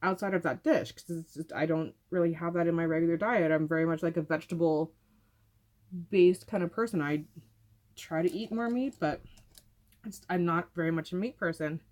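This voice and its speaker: A woman's voice: on the low side, normal speed, a little mellow. Chatty young woman, rambling. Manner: rambling storyteller, heavy use of "like". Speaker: vlog co-host. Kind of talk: casual chat.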